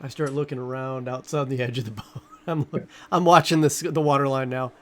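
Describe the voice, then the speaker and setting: A man's voice: medium pitch, fairly even intonation, brisk, a bit bright. A man playing a tabletop game, playful and suspicious. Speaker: player.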